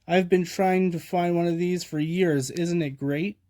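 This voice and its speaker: A man voicing an excitable, fussy young male cartoon sea sponge who frets eagerly over his things. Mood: excited. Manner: eager, high-strung, quick to fret.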